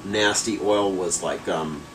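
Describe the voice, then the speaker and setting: A man's voice: low-pitched, slow, far from the mic, noisy background. A man casually telling a rambling, laughing story to friends, with some swearing.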